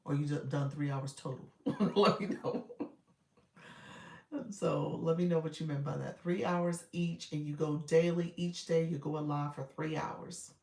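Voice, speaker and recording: A woman's voice: low-pitched, steady tone, a little slow, mellow, reverberant. A woman coaching new live streamers in a casual, chatty way, laughing often and restarting her sentences. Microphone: live-stream setup.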